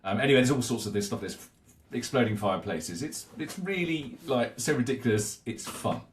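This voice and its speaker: A British man co-hosting a podcast, relaxed and rambling as he retells an advert. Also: mid-range voice, a little fast, a little hiss or hum. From Britain. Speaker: podcast co-host. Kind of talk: casual marketing discussion.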